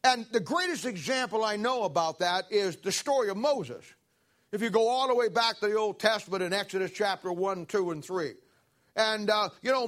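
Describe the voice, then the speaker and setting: A man preaching, retelling a Bible story in a folksy, animated way with fillers and asides. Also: high voice. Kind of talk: sermon storytelling.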